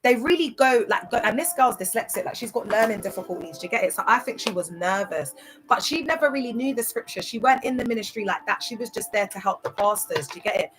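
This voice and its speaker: A woman's voice: fairly high pitch, animated, quick pace, fairly bright tone, low-quality recording. A young woman hosting a casual livestream, telling her story in an emphatic, chatty way and often checking that listeners follow. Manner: chatty, emphatic, keeps asking "do you get it?". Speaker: livestream host.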